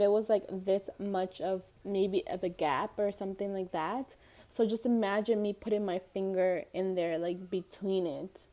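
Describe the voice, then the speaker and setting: A woman's voice: medium pitch, a little mellow. A young woman vlogger telling a casual storytime, rambling with lots of fillers and giggling between thoughts.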